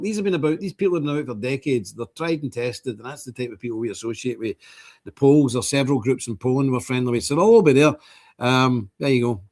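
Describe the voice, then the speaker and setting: A man's voice: medium pitch, darkish tone. A man in his sixties with a Northern Irish accent, hosting a livestream in a rambling monologue that keeps repeating phrases. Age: 60s. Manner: rambling and repetitive, restating phrases. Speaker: livestream host.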